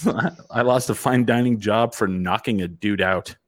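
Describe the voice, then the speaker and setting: A middle-aged man telling a profane, animated story in casual chat as a host. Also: on the low side, normal speed.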